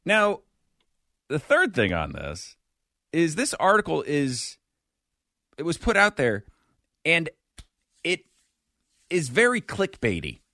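A man hosting a comedy podcast, telling stories with sardonic, animated delivery. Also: a little high, takes it slowly, pauses often, dry recording, studio quality. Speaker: podcast host.

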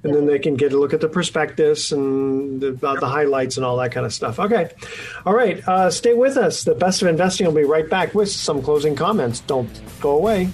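A man's voice: a little high, brisk, darkish tone, soft background music, rough recording. A man hosting a radio interview show, chatty and rambling with lots of fillers.

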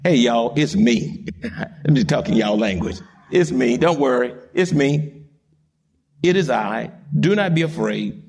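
A man preaching who voices a calm, reassuring adult male savior in a slow, soothing, folksy way. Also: fairly high pitch, breathy edge, pitched below the performer's own voice, full character voice.

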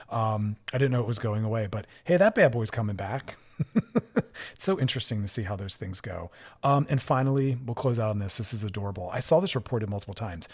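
A man hosts a radio talk show, speaking as a therapist. He is chatty and upbeat and laughs often. His voice sits at a medium pitch. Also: breathy edge.

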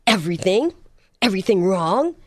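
Woman doing her college-age son, whiny and put-upon, lively swings in pitch. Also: moderate pace, dry recording, studio quality. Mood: frustrated. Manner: whiny, complaining. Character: frustrated young male college student.

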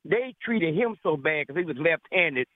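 A man's voice: a little high, expressive, normal speed. An older man calling in to a sports radio show, opinionated and telling stories from the past. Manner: opinionated, storytelling. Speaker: caller. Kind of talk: call-in sports chat. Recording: tinny phone line.

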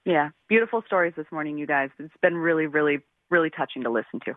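Woman, radio caller, fast talker, tinny phone line, animated storyteller. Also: deep voice, no room sound. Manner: animated storyteller, acts out quotes. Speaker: caller, fellow radio host. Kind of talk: call-in radio chat.

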